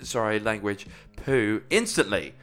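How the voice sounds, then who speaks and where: A man co-hosting a podcast in casual chat, joking wryly and jumping up high when he stresses a point. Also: lively intonation, unhurried, fairly bright tone, soft background music. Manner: wry, joking, swings up high for emphasis. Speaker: podcast co-host.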